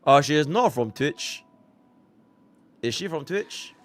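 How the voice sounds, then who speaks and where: A young man from Singapore streaming live, chatting casually with his viewers and swinging between low mumbles and excited shouts. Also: takes it slowly. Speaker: livestreamer.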